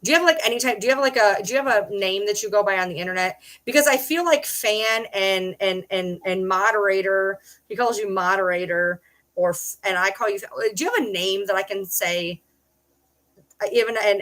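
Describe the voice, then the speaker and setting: A middle-aged woman with a mid-range, slightly bright voice is hosting a livestream. She rants in an agitated way, swearing and repeating herself.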